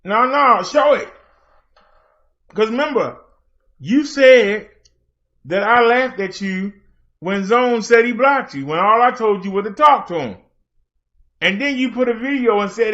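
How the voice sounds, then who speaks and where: A man's voice: high voice, animated, unhurried, pauses often, a bit bright, highs cut off. A man hosting a late-night livestream, challenging and mocking an absent critic. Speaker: livestream host.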